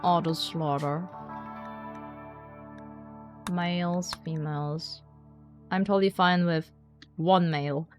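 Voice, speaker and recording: A woman streamer chatting casually during a game, talking slowly with lots of repeated words and giggles. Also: fairly low pitch, steady tone, soft background music.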